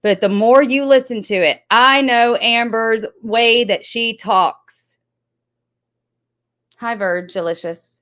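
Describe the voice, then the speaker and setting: A woman's voice: fairly high pitch, slow pace, fairly bright tone. Blunt, accusatory woman livestream host. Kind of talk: heated livestream talk to chat.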